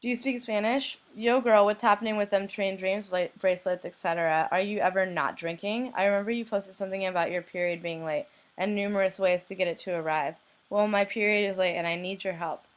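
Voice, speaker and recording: A young woman from the United States, a blogger who reads anonymous messages aloud in a flat, deadpan way. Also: medium pitch, fairly quick. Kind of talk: reading messages aloud to camera.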